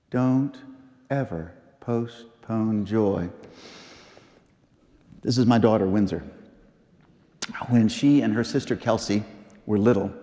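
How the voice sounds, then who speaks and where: Middle-aged male pastor, memorial sermon, emphatic pauses, mellow tone, big church echo. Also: mid-range voice. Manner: storytelling, repeats phrases, slow emphatic pauses. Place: large church. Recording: long church reverb.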